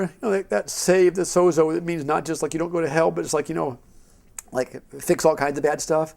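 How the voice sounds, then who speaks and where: Gravelly, slightly high-voiced male teacher. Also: fairly quick. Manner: animated storyteller who acts out quotes in a raised voice; rambling and conversational, with frequent restarts. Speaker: Christian seminar teacher. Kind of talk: informal teaching with storytelling.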